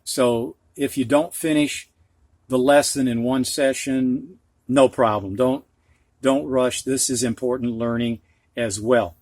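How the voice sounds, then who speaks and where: A man's voice: mid-range voice, steady tone, takes it slowly, a little mellow, dry recording. A middle-aged man with a Midwestern accent teaching a phonics lesson, patient and repeating each word twice. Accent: Midwestern US (Ohio, Michigan). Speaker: reading teacher.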